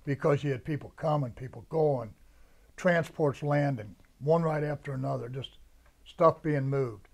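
An older American man with a fairly high voice tells his service stories at an easy, rambling pace. He acts out the orders his sergeants barked at him as he goes. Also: a little slow, vocal fry. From United States. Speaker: veteran interviewee. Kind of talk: oral history recollection.

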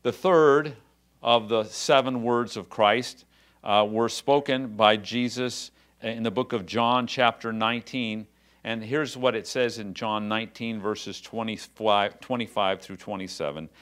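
A pastor with a lowish, steady-toned voice preaches a sermon a little slowly, starting conversationally and building to passionate, rising emphasis. He makes conversational asides with quiet drops.

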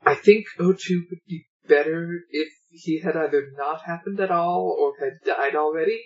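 A man's voice: fairly high pitch, fairly even intonation, normal speed, highs cut off. A man co-hosting a podcast in casual chat, with dry, laid-back banter. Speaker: podcast co-host.

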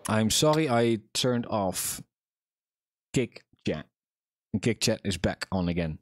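Young male streamer, chatty and jokey, swears freely, very animated pitch. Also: slow, no echo, studio quality. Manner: chatty, profane, jokey self-talk to viewers. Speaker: livestreamer. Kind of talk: casual gaming livestream chat.

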